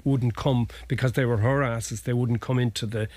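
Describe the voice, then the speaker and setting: A man's voice: medium pitch, fairly even intonation, brisk, darkish tone, no room sound. A man, a family law solicitor, explaining cases in a rambling, anecdotal way during a conversational interview.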